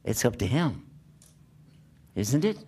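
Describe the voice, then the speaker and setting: Speaking slowly in a husky, mid-range voice, an older American Islamic preacher gives a sermon in a conversational style. He tells stories with animation and poses rhetorical questions.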